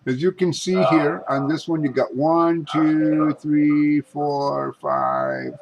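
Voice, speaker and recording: A man demonstrating ghost box apps, talking in a halting way with many restarts and calling out politely to spirits. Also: on the high side, animated, gravelly, lo-fi sound, over a noisy crowd. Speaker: paranormal investigator.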